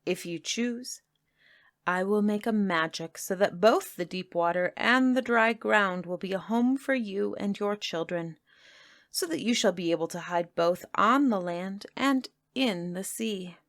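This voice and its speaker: A woman's voice: mid-range voice, unhurried, lightly acted. Woman reading as a weary, lazy man.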